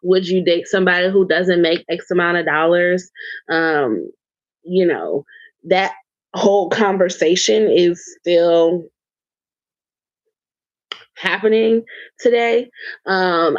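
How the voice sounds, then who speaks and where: A woman's voice: lowish voice, no echo, dull audio. A woman co-hosting a podcast, recapping a show in loose casual chat, swearing and laughing as she rambles with fillers. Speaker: podcast co-host.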